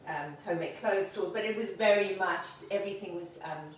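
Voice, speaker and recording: A South African woman, a home cook hosting a cooking video in her home kitchen, chats through a casual cooking demonstration and happily wanders off into stories, laughing easily. Her mid-range voice is a little fast and recorded from a distance, ringing around a hard, echoey room over faint ambience and slight background noise.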